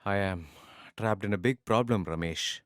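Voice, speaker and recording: A man's voice: on the low side, normal speed, clean tone, no echo, clean studio sound, close to an everyday voice. An actor in a dubbed film playing a distressed husband who pleads with his wife. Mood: despairing.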